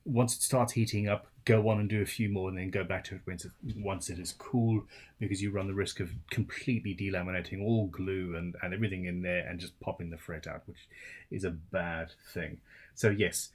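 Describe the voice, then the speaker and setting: A tired man hosts a live Q&A in a slightly low voice. He talks in a loose, rambling way and pokes fun at himself. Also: steady tone, brisk. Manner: rambling, chatty, self-deprecating. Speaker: luthier hosting a live Q&A. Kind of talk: casual live-stream Q&A.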